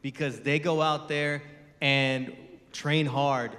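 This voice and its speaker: A man's voice: a little high, fairly even intonation, takes it slowly, fairly bright tone. A man emceeing an awards dinner, announcing presenters and rousing the audience emphatically. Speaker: master of ceremonies. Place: large casino ballroom. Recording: echoey ballroom PA.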